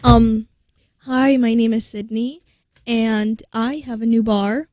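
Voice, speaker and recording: A young woman co-hosting morning radio, teasing and playful in casual banter. Her voice is a little high. The sound is close and dry, straight from a studio mic. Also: steady tone, slow, darkish tone, no echo. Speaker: radio co-host. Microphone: studio microphone.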